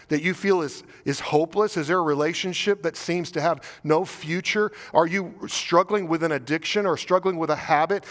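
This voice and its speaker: Earnest American pastor in a reverberant hall. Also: male voice, on the high side, a bit bright. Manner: earnest, pleading, repeats words and rhetorical questions. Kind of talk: sermon. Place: church sanctuary.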